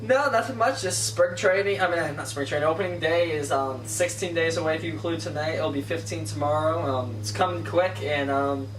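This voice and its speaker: A man's voice: on the high side, fairly quick, hardly any pauses, a bit bright. A man co-hosting a sports podcast, bantering in a laid-back, slangy, casual way. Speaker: podcast co-host. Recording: echoey room from far off, faint noise.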